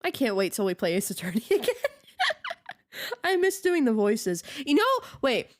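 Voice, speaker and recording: A woman's voice: a little high, big pitch swings, moderate pace, darkish tone. A woman streamer chatting casually on a live stream, ranting in an exasperated way and laughing often.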